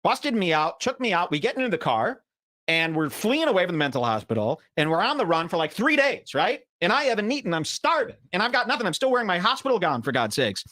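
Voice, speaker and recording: A man hosting a podcast who reacts to clips with sarcastic, mocking commentary. His voice sits fairly high and swings widely in pitch. He tells animated stories and mimics the people he talks about. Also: quick pace. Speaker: podcast host.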